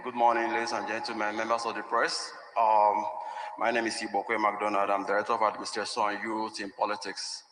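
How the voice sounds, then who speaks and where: Bright-voiced man in an echoing hall. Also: fairly low pitch, completely flat delivery, a little fast. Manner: formal, searching for words. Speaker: youth politics official asking questions. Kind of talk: press conference question.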